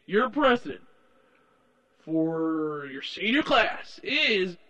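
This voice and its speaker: A woman voicing a chatty middle-aged male high school principal who drawls through his announcements. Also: very animated, takes it slowly, a bit bright, highs cut off, heavily acted. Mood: announcing. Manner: drawling, hammy announcer patter over an intercom.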